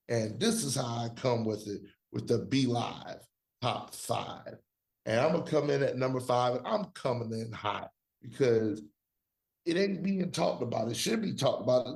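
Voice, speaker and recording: A man's voice: medium pitch, vocal fry, a little mellow. A man co-hosting a sports podcast, giving his own college football rankings in emphatic, slangy, trash-talking casual chat.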